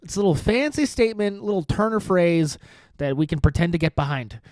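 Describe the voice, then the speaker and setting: Fairly quick and high-voiced with a darkish tone, the man is recorded with no room sound. Hosting his podcast, he rants casually about politics, rambling, sarcastic and swearing, with rhetorical questions and repeated phrases.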